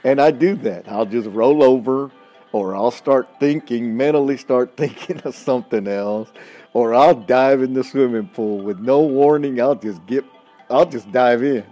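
A blunt, folksy man talks straight to his listeners in a relaxed, storytelling way, chuckling as he goes. His voice is mellow and warm, and faint music plays underneath. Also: mid-range voice, measured pace. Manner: blunt, folksy, laughs often, addresses listeners as y'all. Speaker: podcast host. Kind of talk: casual storytelling monologue.

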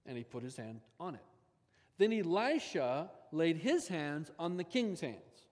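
High-voiced man preaching in a reverberant church. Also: measured pace. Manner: expressive preaching with sharp rises in pitch and volume. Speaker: pastor. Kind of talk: sermon. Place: large church sanctuary. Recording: long church hall reverb.

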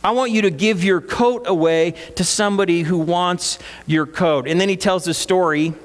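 A man's voice: high voice, normal speed. A middle-aged male pastor giving a conversational, story-filled sermon in a church. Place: church sanctuary. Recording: long reverb of a church hall.

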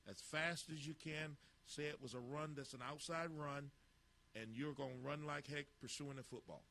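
A man's voice: on the high side, fairly even intonation, normal speed, vocal fry, pushed and bright. A man coaching football, narrating drill footage with blunt, clipped instructions and critiques.

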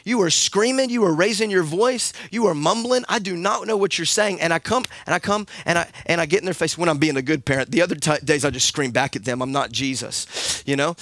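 A man in his thirties preaching a sermon, swinging between sung, rising calls and a soft storytelling voice. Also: fairly high pitch, dry recording, studio quality. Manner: drops to a soft conversational storytelling voice. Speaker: pastor.

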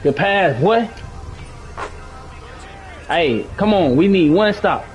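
A young man talks through a basketball video game with his teammates, coaching them and scolding them in loose, profane slang. His voice sits a little high for a man and jumps around a lot in pitch. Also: animated, takes it slowly, highs cut off, soft background music. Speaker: gaming streamer. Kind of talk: live gameplay chat with teammates.

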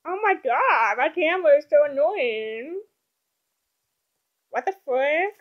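A woman's voice: sits high, animated, takes it slowly, highs cut off. A teenage girl rambling through a doll review in her bedroom, hyper and giggly, filming one-handed on a handheld camera. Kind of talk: casual rambling vlog.

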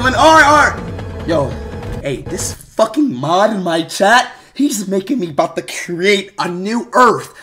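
Male streamer for live gameplay commentary: explosive, swearing rants, animated pitch, faint music bed. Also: unhurried. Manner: loud, profane, swings between muttering and shouting.

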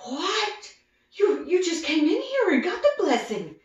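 A woman voicing a shocked, dismayed aging father with high, loud exclamations. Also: takes it slowly. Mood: alarmed. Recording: echoey room, distant dull mic.

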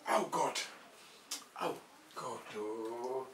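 Loud exclaiming Ghanaian man, echoey room. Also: high voice, very animated. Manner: loud exclaiming, switching to rapid muttered prayer. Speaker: pastor husband in a comedy skit. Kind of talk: comedy skit acting. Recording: echoey room, distant mic, faint noise.

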